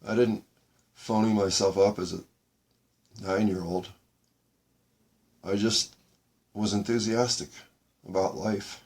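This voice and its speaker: Slow, halting low-voiced man. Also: steady tone, darkish tone. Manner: slow, halting, searching for words. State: tearful, voice breaking. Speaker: podcast host. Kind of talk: reflective solo monologue.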